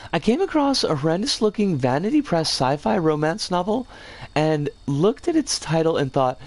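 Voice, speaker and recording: A game streamer chats casually while building a level, in a mid-range, slightly mellow voice. The talk rambles as they read viewers' chat aloud, often stopping to correct themselves and tripping over words.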